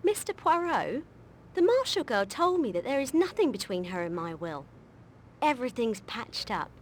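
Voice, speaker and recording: A flustered chatty maid. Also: female voice, fairly high pitch, big pitch swings, normal speed, slight background noise. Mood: fussy. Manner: chatty, fussy. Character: flustered talkative female maid.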